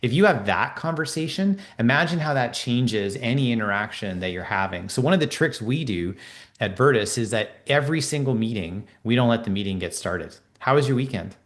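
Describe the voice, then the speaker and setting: A middle-aged man, a leadership coach, explaining ideas in a podcast interview and acting out quoted conversations in lively voices. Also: medium pitch, a little fast.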